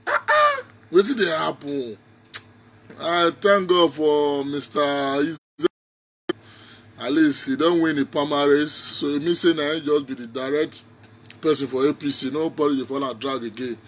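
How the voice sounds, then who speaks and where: Preachy Nigerian man, higher voice. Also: steady tone, moderate pace. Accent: Nigerian Pidgin English speaker. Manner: preachy, repetitive, mocking with bursts of laughter. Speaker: social media commentator. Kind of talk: casual political vlog rant.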